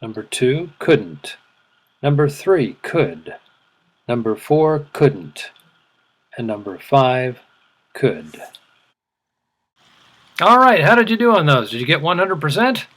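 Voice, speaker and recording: Middle-aged man, slightly high voice, ESL teacher, slow careful enunciation. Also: sing-song, a bit bright. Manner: slow, deliberate, exaggerated enunciation for learners. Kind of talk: scripted language lesson.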